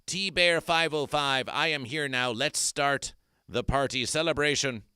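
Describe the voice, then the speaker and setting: A man's voice: mid-range voice, measured pace, noisy background. A man hosting an absurdist comedy stream, making grandiose, repetitive, mock-solemn proclamations. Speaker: comedy performer. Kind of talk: absurdist livestream chat.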